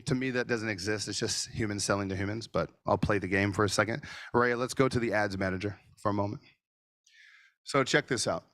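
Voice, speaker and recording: A man presenting a marketing masterclass over a video call, animated and sometimes nearly shouting for emphasis. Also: lowish voice, no room sound, clean studio sound. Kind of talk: energetic webinar teaching. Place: office studio.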